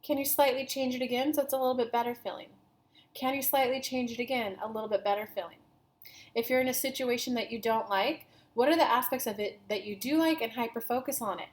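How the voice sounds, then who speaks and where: Woman channeling spirit guides, talks as "we", kinda high voice, earnest and repeats herself. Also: fast. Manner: speaks as a collective "we", talks about herself in the third person; earnest, repeats key phrases.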